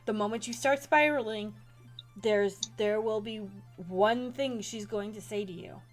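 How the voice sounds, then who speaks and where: A woman narrating as game master in a tabletop role-play, talking in an animated way. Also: mid-range voice, a little slow, soft background music.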